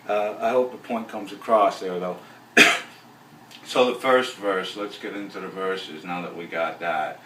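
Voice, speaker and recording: Low-voiced man teaching bass, roomy. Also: measured pace, a little hiss or hum. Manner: relaxed, rambling explanations with fillers, counts beats aloud. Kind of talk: casual video lesson. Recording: roomy, voice from a distance off the mic.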